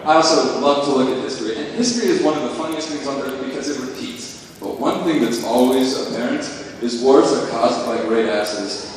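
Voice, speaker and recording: A young man doing a stand-up set at an open mic, deadpan and awkward, often laughing at his own jokes. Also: medium pitch, a little fast, slight background noise. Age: young adult. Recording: echoey hall, far from mic.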